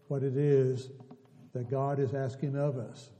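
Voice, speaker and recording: Man preaching with a dark, echoing voice. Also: medium pitch, flat delivery, a little slow. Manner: rising to emphatic exhortation, repeating phrases. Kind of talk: sermon. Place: church sanctuary. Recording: church hall reverb.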